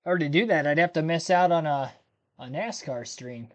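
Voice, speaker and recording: A man's voice: fairly high pitch, moderate pace. A man from Ohio hosting a live race-watching stream, chatting casually, rambling and correcting himself as he goes. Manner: rambling, laughs while talking, self-correcting. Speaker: livestream host. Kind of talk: casual live commentary chat.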